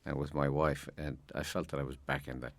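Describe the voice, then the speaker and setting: Deep-voiced older man, halting recollection. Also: little pitch movement. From Ireland. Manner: halting, repeats words while recalling. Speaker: film commentator. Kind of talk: audio commentary.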